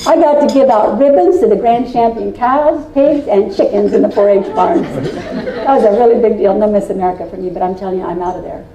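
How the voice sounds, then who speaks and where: A keynote speaker in her sixties from Indiana tells stories fairly quickly in a mellow, medium-pitched voice, playfully and confidingly addressing a live meeting-room audience with folksy, teasing asides. The sound comes from a distant mic in a roomy hall.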